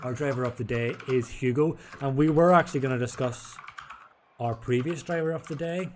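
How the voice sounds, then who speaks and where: A man's voice: mid-range voice, a little fast, darkish tone, a little hiss or hum. A man casually commentating a sim race from home, chatty and rambling, a bit tipsy. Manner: chatty, rambling, restarts and jokes. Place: home room.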